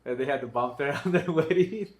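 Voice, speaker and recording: A man's voice: a little high, fairly quick. A man co-hosting a podcast, chatting casually in a laid-back way. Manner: laid-back, laughs often. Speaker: podcast co-host. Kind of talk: casual chat.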